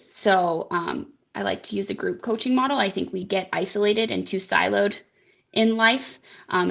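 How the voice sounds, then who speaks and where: Gravelly woman coach on muffled audio. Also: medium pitch. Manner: thoughtful, frequent "right?" and "um". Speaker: guest, life coach. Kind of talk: interview conversation.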